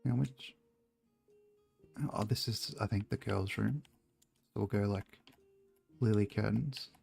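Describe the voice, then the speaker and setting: A man's voice: lowish voice, steady tone, slow pace, vocal fry, darkish tone, husky, faint music behind. A man chatting casually and joking as he streams a video game, swearing freely. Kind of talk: casual chat while gaming.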